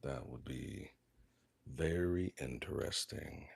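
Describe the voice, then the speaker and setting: Very deep, gravelly-voiced man. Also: takes it slowly. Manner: joking, rambling, self-deprecating. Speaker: leatherworker. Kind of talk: casual workshop chat.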